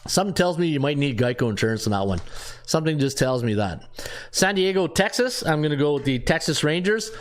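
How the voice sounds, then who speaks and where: A man's voice: fairly high pitch, big pitch swings, fairly quick. A man hosting a sports betting show, running through his picks in a casual way, thinking aloud and reading off stats with lots of fillers.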